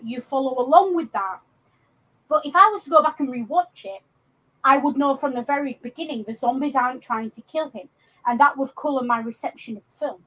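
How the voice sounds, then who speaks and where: In poor audio, a high-pitched, somewhat bright woman from England chats casually about films as a podcast co-host. She says um a lot and often restarts her sentences.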